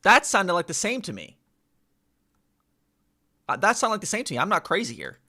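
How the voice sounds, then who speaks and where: A man vlogs a casual language practice session, repeating words again and again to work on pronunciation and mocking his own attempts. His high, bright, forceful voice swings hugely in pitch at normal speed.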